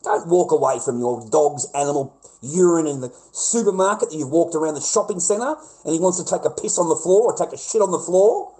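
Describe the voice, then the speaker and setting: An Australian man vents in a raw, profanity-laced monologue, his voice sitting a touch high for a man. He keeps breaking into loud, shrill peaks of indignation before dropping back to a grumble. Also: expressive, brisk, few pauses, rough recording. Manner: angry, profane, swings into loud high-pitched outbursts. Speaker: vlogger.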